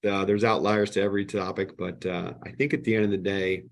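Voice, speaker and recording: A man in casual podcast chat, telling animated stories and acting out the exchanges he quotes. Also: low voice, fairly quick, vocal fry. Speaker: podcast guest.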